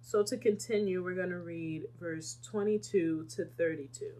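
A woman's voice: fairly low pitch, moderate pace. A young woman leading a casual Bible study, explaining scripture and acting out quotes with laughter. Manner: animated, acts out quotes with laughter.

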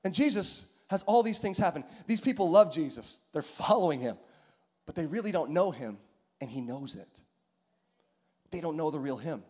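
A male pastor delivers an animated sermon, repeating his points and calling to the congregation. His voice sits high for a man and rises and falls widely. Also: moderate pace. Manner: animated, repetitive, calls to the congregation.

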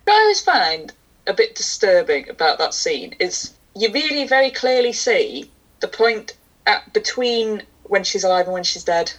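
A woman's voice: mid-range voice, big pitch swings, normal speed, poor audio. A woman chatting casually about a film, reacting and adding her own thoughts. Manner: conversational, reactive.

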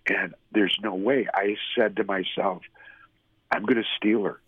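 A middle-aged man, a radio personality, telling a personal faith story in a halting, heartfelt way. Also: on the low side, dry recording, narrow, tinny audio. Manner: halting storytelling with restarts, emotional. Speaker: guest, former radio host. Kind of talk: personal testimony in an interview.

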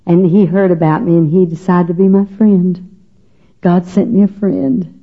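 Speaking at normal speed in a fairly low voice with a breathy edge and fairly even intonation, an older Texan woman delivers her faith testimony. She's chatty, funny, folksy and emotional, voicing other people's lines, and the audio sounds narrow and tinny.

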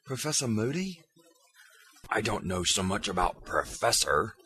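A man voicing a gruff, grizzled old male auror with a growling, sardonic manner. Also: lowish voice, big pitch swings, measured pace, pushed and bright, full character voice.

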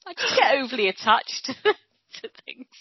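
A woman's voice: high voice, sing-song, unhurried, heavy background noise. A woman chatting casually on a video call podcast, telling stories expressively with giggles and casual swearing. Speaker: podcast co-host. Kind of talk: casual chat. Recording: dull lo-fi dry sound.

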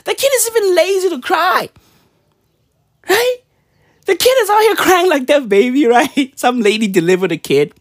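A woman's voice: sits high, animated, moderate pace, no echo, clean studio sound. A woman vlogger in a profane, slangy comedic rant, mimicking sounds as she goes.

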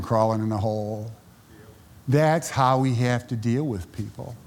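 In a large hall, a male pastor delivers a sermon built on storytelling, impersonating the voices of those he quotes. His mid-range voice has a darkish tone and is slightly rough.

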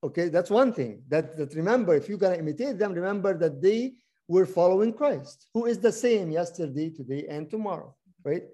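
A man's voice: high voice, animated, fast talker, warm tone. A man leading a Bible study, teaching interactively, often repeating words and asking the group questions.

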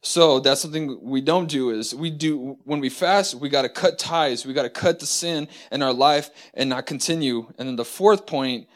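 Man, church lesson teacher, mid-pitched, halting delivery with restarts, slow measured scripture reading. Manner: halting, many fillers and restarts.

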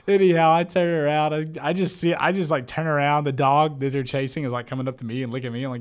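Rambling, animated man telling a story. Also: fairly high pitch, quick pace. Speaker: church media worker. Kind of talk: casual storytelling chat.

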